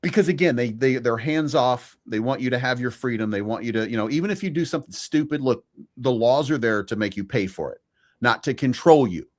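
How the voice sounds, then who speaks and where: A man's voice: mid-range voice, lively intonation, fairly quick. A man co-hosting a live stream, giving his opinions in a casual political debate, with frequent restarts. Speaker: stream co-host.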